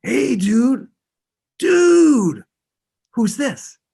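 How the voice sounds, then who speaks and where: A man's voice: very high voice, extremely slow, vocal fry, slightly rough, pitched above the performer's own voice, heavily acted. A man voicing a dim-witted male metalhead in an exaggerated Boston accent, saying "dude" again and again. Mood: goofy. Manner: excitable, repeats "dude".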